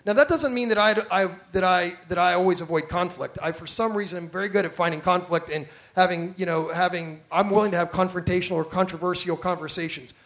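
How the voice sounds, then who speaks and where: A man's voice: high-pitched, fast talker, few pauses, a bit bright. A man preaching a conversational sermon, self-deprecating and often repeating words as he builds a point. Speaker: pastor.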